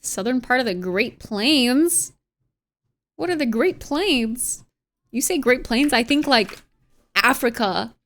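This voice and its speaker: A woman's voice: on the high side, animated, slow pace, a bit bright. Chatty young American woman streamer. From United States. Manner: chatty, reads chat aloud and muses with frequent laughs. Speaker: livestreamer. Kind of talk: casual stream chat.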